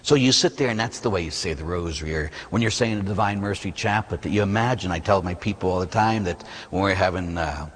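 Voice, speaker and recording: A man, a Catholic priest, preaching a sermon in a church, animated and rising to high emphatic peaks. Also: quick pace, hardly any pauses, breathy edge. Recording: long reverb of a church.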